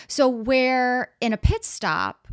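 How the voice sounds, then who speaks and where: A middle-aged woman speaks from the stage with a smooth, clear voice, recorded close and dry. She keeps it conversational, playing out little everyday scenes and asking the audience questions as she goes. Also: a little high, animated, takes it slowly, no room sound. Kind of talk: motivational stage talk.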